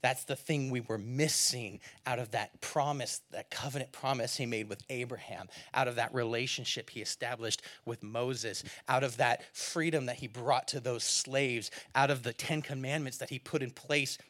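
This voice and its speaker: A man preaching a sermon to a congregation, telling a personal story and building to loud, animated calls to the listeners. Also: mid-range voice, normal speed, hardly any pauses. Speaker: pastor.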